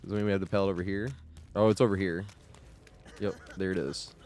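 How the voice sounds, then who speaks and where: A man's voice: low-pitched, steady tone, fast, a little mellow. A young man streaming a game live, chatting loosely with frequent laughs and casual swearing. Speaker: gaming streamer.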